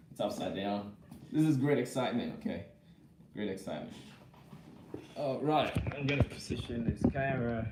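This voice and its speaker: A man's voice: mid-range voice, normal speed, pauses often, roomy sound, noisy background. A young man chatting casually while unboxing a laptop, rambling and laughing as he answers viewer comments. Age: young adult. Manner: laughs often between remarks. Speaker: vlogger. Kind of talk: casual live-chat unboxing.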